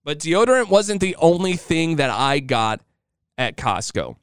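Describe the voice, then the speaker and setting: A man in his thirties hosting a podcast alone, telling a story in an animated, chatty, jokey way. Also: fairly high pitch, measured pace, clean tone, dry recording, studio quality. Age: 30s. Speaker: podcast host. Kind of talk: casual solo storytelling.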